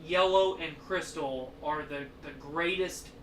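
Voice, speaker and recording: A man's voice: fairly high pitch, unhurried, fairly bright tone, a little hiss or hum. A man hosting a podcast in casual chat, a rambling storyteller who swears a lot. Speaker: podcast host. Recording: echoey room, distant mic.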